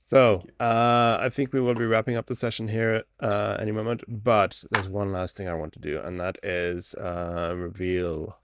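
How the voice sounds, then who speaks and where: A man running a tabletop role-playing game as game master, narrating in a halting way with many restarts and laughs. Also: fairly low pitch, little pitch movement, a little hiss or hum.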